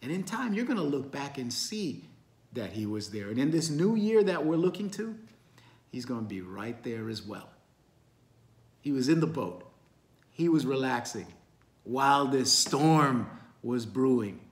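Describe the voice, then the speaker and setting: A man's voice: mid-range voice, very animated, unhurried, pauses often, roomy sound. A man teaching a Bible study in an earnest, encouraging way, often calling his listeners friends.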